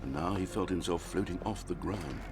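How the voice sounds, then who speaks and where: A man's voice: low-pitched, brisk, over loud music. A man narrating a video game story in a dry, wry, scripted manner.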